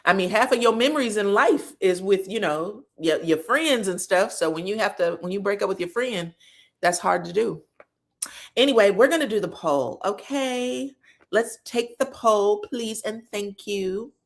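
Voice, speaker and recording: A woman hosting a live reaction stream, recapping reality TV drama in an animated, emphatic way and laughing often. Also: medium pitch, normal speed. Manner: acts out cast members' lines in quoted voices. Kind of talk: live gossip reaction chat.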